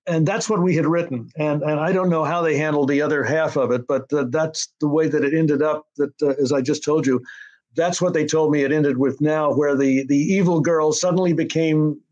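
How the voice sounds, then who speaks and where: An older American man recalls events in a casual interview, his voice sitting a little high for a man. He rambles, restarting his sentences and filling pauses with "uh" and "um". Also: fairly even intonation, a little mellow, muffled recording. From United States. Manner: rambling with many restarts and fillers. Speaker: TV writer-director being interviewed.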